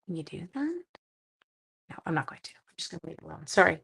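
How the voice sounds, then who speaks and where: A woman's voice: on the low side, big pitch swings, fast talker, vocal fry, a bit bright, breathy edge. A woman chatting her way through a live-stream card-making demo, self-mocking and talking to herself as she works. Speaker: seventh-grade teacher.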